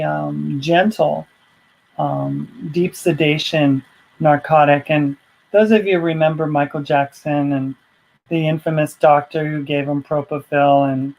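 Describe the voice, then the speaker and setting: A woman's voice: deep voice, darkish tone, rough recording. A woman vlogger telling a personal story in a casual, rambling way, full of asides.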